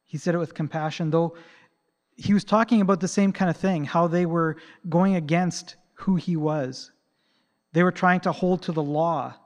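A man preaching a sermon in a fairly high voice. He swings between loud, pressing emphasis and soft, hushed passages, retelling the story with pauses and restarts.

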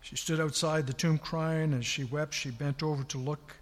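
A man's voice: a little high, steady tone, moderate pace. A man preaching a sermon, retelling scripture with dramatic, rising emphasis. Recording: long hall reverb.

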